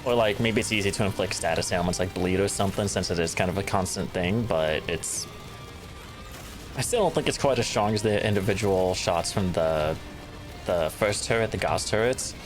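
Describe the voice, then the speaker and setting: A man's voice: sits low, normal speed. A young man chatting casually while gaming, laid-back as he explains game mechanics. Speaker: gamer. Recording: music playing behind.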